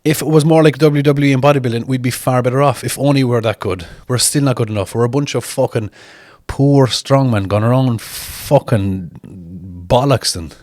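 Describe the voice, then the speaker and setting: Guy reading out viewer comments, swears a lot, blunt and mocking, mid pitch, dry close mic. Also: normal speed, darkish tone, no room sound. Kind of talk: casual chat.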